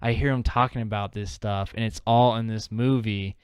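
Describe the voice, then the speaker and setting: On a casual podcast, a male co-host rambles through his chat with plenty of fillers and restarts. His fairly low voice holds a steady tone at a moderate pace, smooth and dry, recorded in studio quality.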